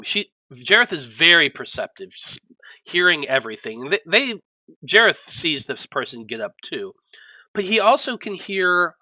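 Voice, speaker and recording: A man narrating as game master of a tabletop role-playing game, halting often with ums and restarts. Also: medium pitch, pushed and bright, dry recording, poor audio.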